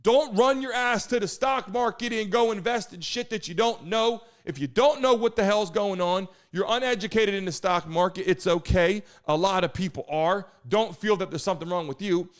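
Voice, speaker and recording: A man hosting a live stream, hyping the chat, shouting out viewers and talking loosely with some swearing. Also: sits high, normal speed, few pauses. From United States.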